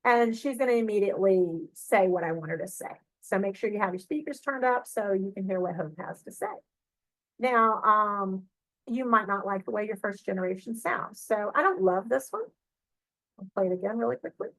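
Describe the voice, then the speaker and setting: A middle-aged woman librarian walks through software on a shared screen, chatty and full of fillers and check-ins. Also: mid-range voice, expressive, moderate pace, no room sound, low-quality recording. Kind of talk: screen-share tutorial walkthrough.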